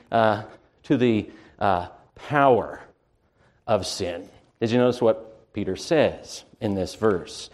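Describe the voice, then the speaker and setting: A man's voice: medium pitch, darkish tone. Man preaching a sermon, emphatic, drags out key words, lots of uh's. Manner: emphatic, slows down to stress key words, frequent "uh" fillers.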